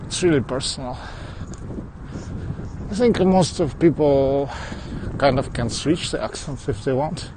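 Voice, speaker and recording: Walking through suburban streets, a livestreamer with a mixed foreign accent talks to his viewers in a mid-pitched voice, answering them with little laughs and restarts. He speaks unhurriedly, leaving long pauses, into a phone held in his hand. Traffic and outdoor sound come through clearly behind him.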